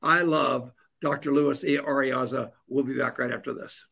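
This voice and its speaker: Gravelly, excitable male radio host. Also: medium pitch, normal speed. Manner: gushing, joking, excitable. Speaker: radio talk show host. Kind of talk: effusive radio show hosting.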